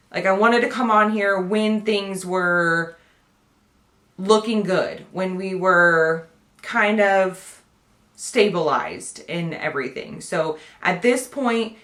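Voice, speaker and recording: A young woman with a drawl talks straight to her viewers in a chatty, heartfelt update. Her voice sits a little low. The room around her is echoey. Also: a bit bright. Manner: chatty, emotional, tearful at times. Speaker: vlogger. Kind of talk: casual personal update to viewers.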